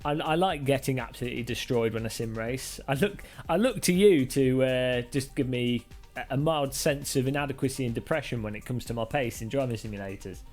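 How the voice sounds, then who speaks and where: A man's voice: mid-range voice, brisk, a little mellow, faint music behind. A man hosting a live stream, chatting casually in a jokey, rambling, self-deprecating way. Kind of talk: casual live-stream chat while sim racing.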